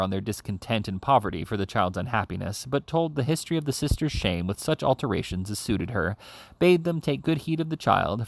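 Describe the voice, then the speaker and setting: A man's voice: on the low side, creaky, no room sound. A man reading a classic novel aloud as an audiobook reader, giving the characters' lines a livelier delivery than the narration.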